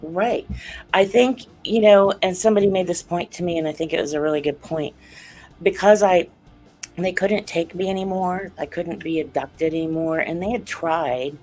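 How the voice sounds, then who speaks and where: A woman's voice: fairly low pitch, normal speed, faint music behind. A woman guest, an author and researcher, telling a personal story in an interview and acting out what was said. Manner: animated, acts out quoted dialogue, earnest.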